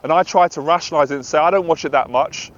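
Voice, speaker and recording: A fast-talking man with a fairly high pitch speaks straight to the camera. As a dating and anxiety coach, he's earnest and confessional and occasionally performs the voice inside his head. The lo-fi recording is slightly dull.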